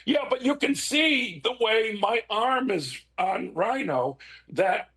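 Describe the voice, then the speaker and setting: Middle-aged man, animated emotional guest, pitch swings high and low. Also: takes it slowly, breathy edge. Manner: emotional, expressive, tearful at times. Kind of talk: casual chat.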